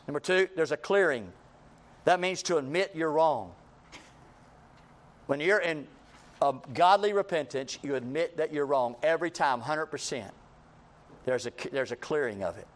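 Man preaching with loud high bursts. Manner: preaching with sudden loud high bursts and quiet low asides; acts out quoted voices of sinners. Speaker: pastor. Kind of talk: sermon.

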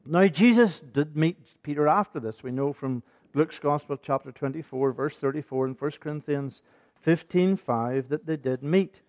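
A man's voice: on the high side, normal speed, a little mellow. Earnest preaching man, dull lo-fi recording. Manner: earnest preaching, building in force, repeats phrases. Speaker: pastor. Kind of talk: sermon. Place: church.

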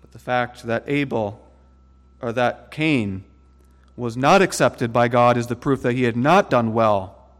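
A man preaching a sermon with emphatic, dramatic delivery, slowing to stress words and speeding through asides. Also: medium pitch, in a large hall. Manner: emphatic, dramatic, swings between slow stresses and quick asides.

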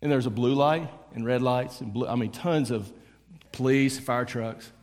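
A man preaching in a relaxed, conversational way, telling a story with frequent "uh"s and "and, um"s. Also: medium pitch, moderate pace, big-room sound. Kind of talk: storytelling sermon.

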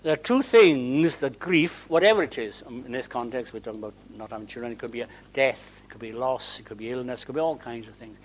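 A man's voice: mid-range voice, quick pace, few pauses, slight background noise. A man preaching a sermon to a congregation, conversational and humorous, with theatrical asides.

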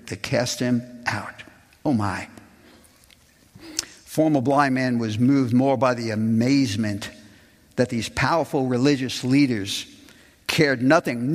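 A man delivers a sermon to his congregation, reading passages aloud and lifting his voice to play the people in them. He speaks at a middling pitch and keeps turning back to his listeners as "folks". A long reverb trails each phrase, as in a large church hall. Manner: reads scripture aloud, voicing the quoted people with raised pitch. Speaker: pastor.

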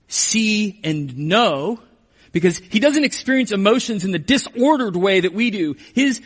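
A man preaching a sermon as pastor, moving between emphatic passages and hushed, slow reflection. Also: high voice, breathy edge, big-room sound.

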